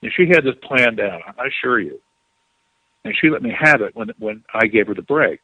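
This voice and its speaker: Animated male author telling a story. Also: mid-range voice, moderate pace, no room sound, phone-quality sound. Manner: animated, acts out quotes. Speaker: author guest. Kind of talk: storytelling in an interview.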